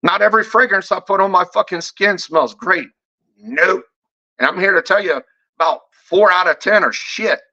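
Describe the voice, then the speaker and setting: A man's voice: sits high, normal speed, bright, forceful tone. A man who reviews fragrances, ranting in a casual vlog. He is combative and swears constantly, and he stumbles over repeated words when heated. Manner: profane, combative, heavy swearing. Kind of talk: off-the-cuff vlog rant. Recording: dull lo-fi audio.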